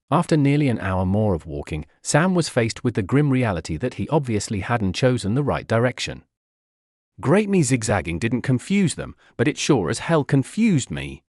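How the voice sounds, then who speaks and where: A man narrating a fan-fiction audiobook in an expressive, dramatic way, raising his voice for the characters' shouts. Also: medium pitch, no echo, clean studio sound.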